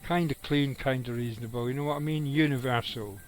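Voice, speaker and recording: A middle-aged man streaming a game talks fairly quickly in a medium-pitched voice, rambling casually about his play and chatting with his audience. He swears now and then, and the audio quality is low.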